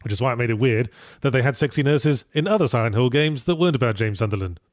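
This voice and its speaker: A man's voice: medium pitch, fast talker, no room sound. A man co-hosting a podcast in casual chat, dry and sardonic. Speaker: podcast co-host.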